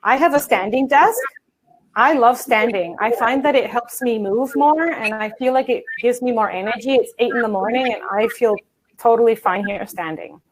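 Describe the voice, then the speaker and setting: Energetic woman coaching viewers, fairly high voice. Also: normal speed, low-quality recording. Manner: energetic, chatty, addresses viewers as guys. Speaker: English coach and presenter. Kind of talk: online workshop talk. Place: home office at a standing desk. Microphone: video call.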